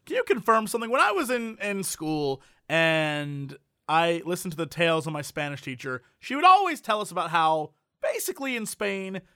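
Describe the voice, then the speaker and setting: A man hosting a comedy podcast, talking in an animated, rambling, riffing way. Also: a little high, normal speed, clear, resonant tone, dry recording, studio quality. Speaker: podcast host. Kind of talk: casual comedic chat.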